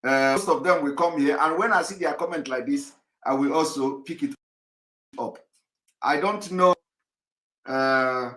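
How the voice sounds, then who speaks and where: A man speaks on a live online broadcast with a bright, ringing, slightly high voice that keeps cracking. He presses his points insistently, circling back and repeating himself with halting restarts. The sound bounces around an echoey room.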